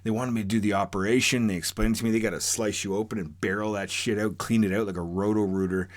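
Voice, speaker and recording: Man, very low voice, casual true-story telling, rambling, swears a lot, lots of "like" and "uh". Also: steady tone, quick pace. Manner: rambling and profane, many fillers and restarts.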